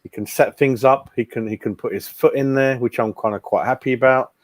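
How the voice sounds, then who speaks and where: A man's voice: medium pitch, steady tone, a little fast, no room sound. Casual male host, blunt rambling chat, dry close mic. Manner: blunt, chatty, keeps saying mate. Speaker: fan channel host. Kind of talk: casual live-stream chat.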